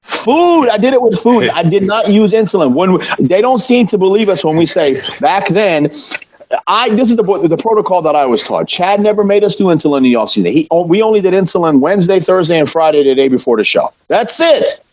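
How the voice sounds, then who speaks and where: Blunt, profane middle-aged man, slightly high voice. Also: brisk. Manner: blunt, profane, animated storytelling. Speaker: podcast host. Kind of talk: casual chat. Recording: dull lo-fi sound.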